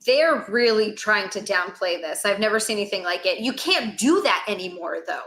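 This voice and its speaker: A young woman co-hosts a casual political livestream. She is blunt, swears, and backs up her partner. Her voice is bright and sharp, and it rings in an echoey room. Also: medium pitch, animated, moderate pace. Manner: blunt, agreeing, profane. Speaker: livestream co-host.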